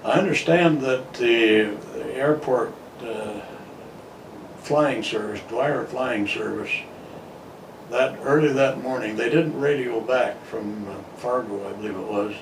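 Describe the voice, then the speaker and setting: An older man, a retired news photographer, slowly recalling events in a documentary interview with halting pauses. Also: mid-range voice. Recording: roomy distant mic with clear hiss.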